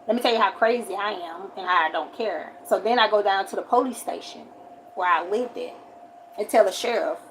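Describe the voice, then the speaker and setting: A forty-year-old woman, telling a story on a casual livestream and swinging from loud outbursts to quiet asides. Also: medium pitch, a little fast, a little hiss or hum, low-quality recording. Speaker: livestream host.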